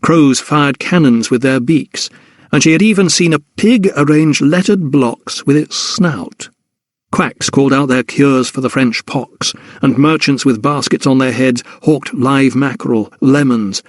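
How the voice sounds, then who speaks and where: Male audiobook narrator, mid-pitched, measured delivery, dry booth sound. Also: no room sound. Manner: measured, even storytelling. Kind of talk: scripted narration.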